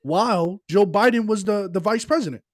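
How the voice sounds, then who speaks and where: A man's voice: sits high, fairly quick, no echo, studio quality. Emphatic man co-hosting a podcast. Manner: emphatic, repeats himself. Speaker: podcast co-host. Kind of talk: casual political chat.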